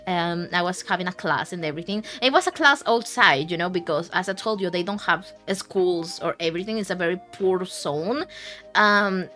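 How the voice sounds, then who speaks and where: Woman streamer, bright crisp voice, giggly and foul-mouthed, faint music behind. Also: mid-range voice. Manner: laughs often, swears, rambling storyteller. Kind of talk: casual stream chat.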